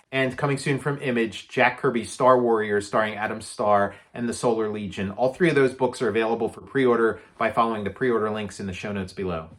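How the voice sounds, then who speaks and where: A man's voice: fairly low pitch, a bit bright. A man co-hosting a casual chat about movies, rambling with lots of filler words. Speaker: podcast co-host.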